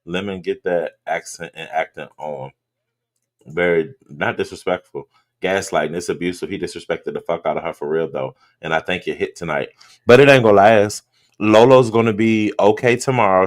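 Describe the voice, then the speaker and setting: Low-voiced man chatting on stream. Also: fairly even intonation, normal speed. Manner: blunt, profane, chatty, reads viewer comments aloud. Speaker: streamer reacting to a live stream. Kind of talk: casual livestream commentary.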